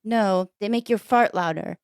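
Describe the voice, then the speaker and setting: A woman's voice: medium pitch, moderate pace, smooth, no echo, close to an everyday voice. A woman voicing a dry, matter-of-fact doctor in a joke, close to her own voice. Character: dry-witted male doctor.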